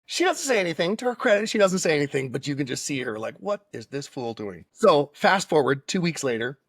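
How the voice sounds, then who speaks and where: A man telling a long personal anecdote as a podcast guest, animated and peppered with "right?" and "okay?" as he acts out what people said. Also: fairly high pitch, fast, breathy edge, no room sound, clean studio sound. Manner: frequent tag questions like right and okay. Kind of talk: casual storytelling.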